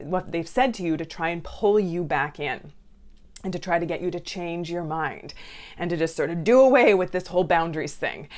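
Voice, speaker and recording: A woman's voice: lowish voice, a little mellow. A woman counsellor giving advice to viewers in a direct, conversational way. She asks them questions and acts out lines they might hear. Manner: acts out what family members say.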